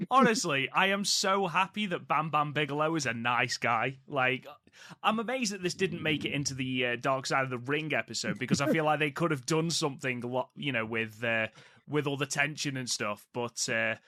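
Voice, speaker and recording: A man's voice: on the high side, normal speed, pushed and bright, no room sound, studio quality. A man co-hosting a podcast, reacting in amused, chatty casual talk. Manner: amused, chatty, with fillers and laughs. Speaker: podcast co-host.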